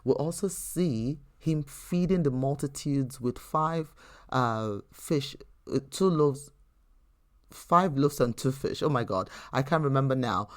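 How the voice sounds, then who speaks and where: A woman's voice: rumbling low, expressive, takes it slowly. A woman hosting a faith teaching podcast who talks earnestly and conversationally, telling personal stories with frequent restarts. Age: adult. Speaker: podcast host.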